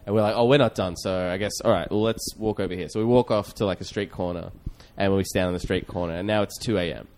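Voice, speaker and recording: A man's voice: deep voice, fairly even intonation, quick pace, darkish tone. A man, a comedian hosting a podcast who tells a story in a rambling, self-deprecating way with lots of fillers. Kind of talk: casual storytelling.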